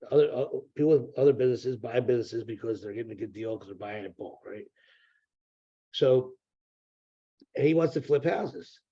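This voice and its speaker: A mellow, warm-toned man speaks in a casual interview, rambling through repeated words and dropping the odd curse. His voice arrives over a dull, lo-fi remote line. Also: mid-range voice. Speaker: real estate broker, podcast guest.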